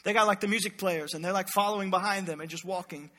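High bright-voiced preacher man, lively sermon, reverberant church hall. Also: quick pace. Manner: animated, storytelling, jokes with congregation. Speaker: pastor.

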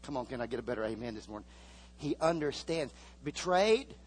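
Husky-voiced preacher calling for amens. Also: male voice, mid-range voice, animated, a little fast. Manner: call-and-response, repeats phrases, asks the congregation for amens. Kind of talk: sermon.

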